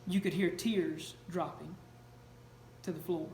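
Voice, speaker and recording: A man's voice: a little high, fairly even intonation, takes it slowly, darkish tone. A male preacher delivering a sermon in an earnest, questioning, storytelling manner. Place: church sanctuary. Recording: echoey church room, faint noise.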